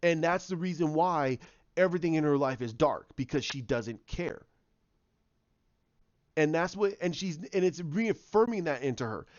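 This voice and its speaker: A man talking casually and rambling in long stretches, acting out scenes with quick restarts and repeated words. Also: on the high side, lively intonation, dry recording, highs cut off. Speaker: show recapper. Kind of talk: casual spoken recap.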